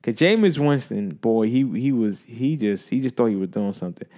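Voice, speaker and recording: A man hosting a casual sports podcast, talking in an animated, playful, hyped-up way. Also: mid-range voice, normal speed. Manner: animated, hype, playful banter. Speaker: podcast host.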